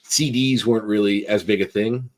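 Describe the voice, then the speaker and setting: A man's voice: on the low side, steady tone, normal speed. A man co-hosting a podcast, chatting casually and rambling through stories with frequent fillers. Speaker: podcast co-host. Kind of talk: casual chat.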